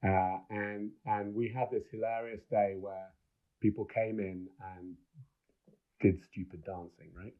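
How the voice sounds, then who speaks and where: A middle-aged man with a low voice, guesting on a podcast as a film director. He tells enthusiastic, rambling anecdotes and often restarts his sentences. The recording sounds dull and lo-fi. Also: fairly even intonation, a little slow. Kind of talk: casual podcast storytelling.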